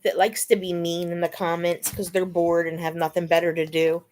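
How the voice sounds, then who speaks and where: A woman's voice: lowish voice, little pitch movement, moderate pace, darkish tone. A woman hosting a casual live chat, chatting to viewers and cooing to her dog between laughs. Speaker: live stream host.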